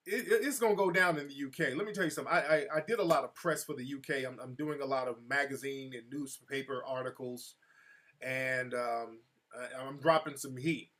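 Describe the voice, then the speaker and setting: A man's voice: medium pitch, a little fast, a bit bright. A man hosting his own live show, telling a story in a loose, streetwise manner and breaking off to answer chat comments. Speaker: show host. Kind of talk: casual live-show monologue.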